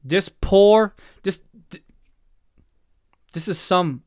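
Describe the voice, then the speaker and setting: A man's voice: a little high, lively intonation, moderate pace, fairly bright tone, no echo, studio quality. Indignant man ranting over a clip. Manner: indignant, exasperated, swears and apologizes. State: upset. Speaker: commentator reacting to a clip. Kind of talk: angry reaction commentary.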